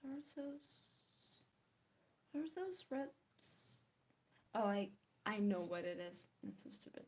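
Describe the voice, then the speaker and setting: A woman chatting casually while she paints, self-mocking, often dropping into soft whispers. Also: medium pitch, lively intonation, slow pace. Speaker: art vlogger.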